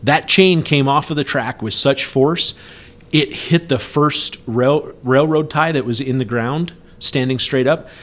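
A middle-aged man in a relaxed conversation, spinning out a long story. He talks in an animated way and jumps up loud whenever he acts out what people shouted. His voice sits at an ordinary pitch for a man. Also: measured pace. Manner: animated, acts out yelled quotes. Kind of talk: casual storytelling chat.

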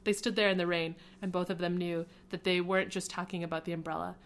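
A woman's voice: fairly low pitch, flat delivery, fast talker. A woman hosting a podcast, casually reading fan fiction aloud and often laughing or stopping to comment.

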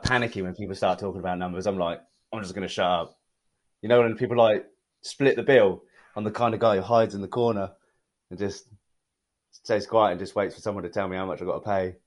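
A young man from southern England with a southern English accent, chatting casually as a podcast guest, self-deprecating and quick to laugh. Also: on the low side. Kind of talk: casual chat.

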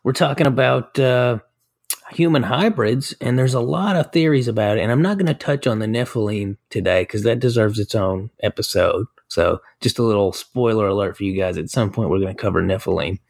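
A man's voice: on the low side, fairly quick, creaky, darkish tone. Rambling laughing podcast guy. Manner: rambling, laughs at own stories. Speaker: podcast co-host. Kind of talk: casual chat.

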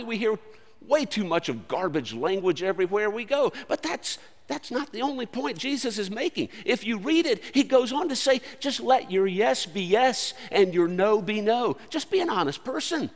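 A man preaching with a high, lively voice that leaps up and drops to near-hushed lines. He talks to the congregation in a plain, earnest way. The sound rings with the long reverb of a church sanctuary. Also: normal speed. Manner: earnest, conversational preaching with sudden swings from loud to quiet. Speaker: pastor. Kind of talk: sermon.

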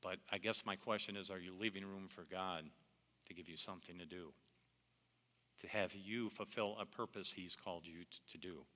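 A man's voice: low voice, steady tone, normal speed, sharp tone, in a large hall. A middle-aged man preaching a sermon in an earnest, conversational way, often calling his listeners "guys.".

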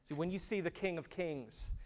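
A man in his thirties preaching a sermon, who moves from loud, emphatic stretches to hushed, intimate ones. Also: on the high side, moderate pace. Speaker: pastor.

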